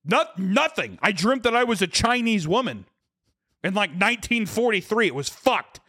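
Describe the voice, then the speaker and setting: A man's voice: high-pitched, normal speed, slightly rough. A man telling a rambling, profane story in casual chat and acting out the people in it. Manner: profane, animated, acts out voices in quotes.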